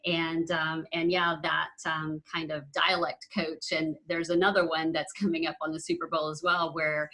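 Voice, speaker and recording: A woman speaks on a discussion panel. Her voice is bright and sharp, and she talks in a chatty way, circling back to her points and laughing easily. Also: sits low, flat delivery, normal speed, few pauses, rough recording. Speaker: panel guest, marketing analyst.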